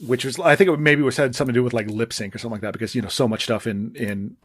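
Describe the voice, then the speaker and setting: Relaxed man musing on a dry mic. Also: mid-range voice, rapid-fire, no room sound. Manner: relaxed, hesitant, many fillers, trails off quietly. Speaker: podcast co-host. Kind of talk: casual chat.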